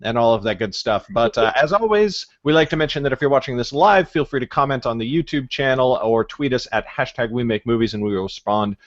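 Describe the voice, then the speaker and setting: A man hosting a casual podcast chat, animated and quick to react. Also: mid-range voice, no room sound. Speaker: podcast host. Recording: dull, dry lo-fi sound.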